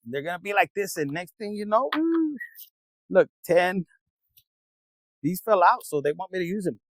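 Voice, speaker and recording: A man's voice: high-pitched, moderate pace, no echo, rough recording. A man giving a casual tarot reading, rambling and streetwise, swearing freely as he talks to viewers. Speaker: tarot reader.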